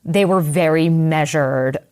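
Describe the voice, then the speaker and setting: A woman guest telling personal stories in an animated, conversational way, often acting out the voices of people she quotes. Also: sits low, a little slow. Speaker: guest writer. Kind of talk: conversational storytelling.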